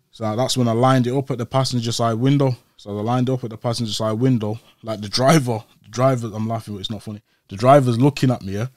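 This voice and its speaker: A man's voice: mid-range voice, a little mellow, no echo, clean studio sound. A man, an interview guest, retelling events in casual street slang. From Old Trafford, Manchester, England. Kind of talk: casual storytelling.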